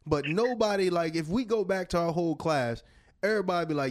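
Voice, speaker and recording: A man in his forties from New Jersey, hosting a casual chat and telling stories in an animated, slangy way with laughs. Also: high-pitched, a little fast.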